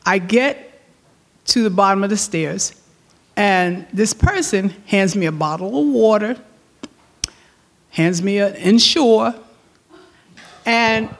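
A middle-aged woman retells a personal story at an unhurried, slow pace. She rambles with fillers and laughs often. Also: medium pitch, lively intonation. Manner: laughs often while telling. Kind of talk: personal anecdote.

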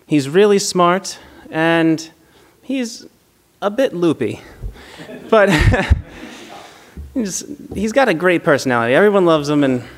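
A man's voice: high-pitched, expressive, slow. A young man doing stand-up, telling a family story in a wry way and chuckling at his own jokes. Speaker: stand-up comedian.

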